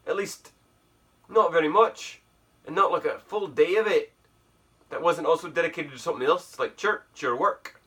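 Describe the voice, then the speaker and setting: A man talks in a put-on Irish brogue, rambling and poking fun at himself as he thinks out loud. His voice is fairly high, bright and sharp, and it swoops up and down a lot. He sounds a little far from the mic. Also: expressive, normal speed, pauses often. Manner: rambling, self-mocking, musing aloud. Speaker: vlogger. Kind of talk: casual reflective monologue. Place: sitting in an ice bath at home.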